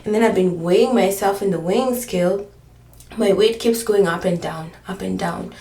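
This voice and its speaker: A woman's voice: mid-range voice, normal speed, warm tone, echoey room, distant mic. A pregnant woman vlogger chatting casually, rambling with lots of fillers and often short of breath. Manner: rambling, filler-heavy storytelling. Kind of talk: casual chat.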